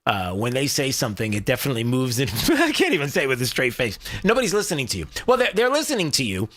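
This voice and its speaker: A man's voice: medium pitch, huge pitch swings, fast talker, a bit bright. An American man hosting a political talk radio show, sarcastic and rambling with many fillers.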